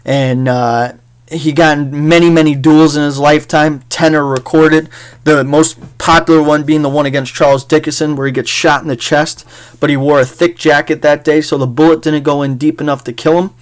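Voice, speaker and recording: A man's voice: fairly high pitch, flat delivery, normal speed, clean tone. A man teaching a casual history lecture in a chatty, jokey way with frequent fillers. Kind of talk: casual recorded class lecture.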